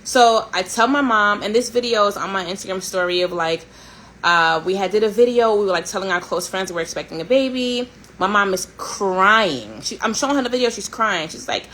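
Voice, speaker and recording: A woman in her thirties from a Haitian family hosts a casual storytelling chat, candid, sarcastic and animated, often swearing and laughing. Her mid-range voice moves fairly quickly over a rough recording with a slight hiss or hum.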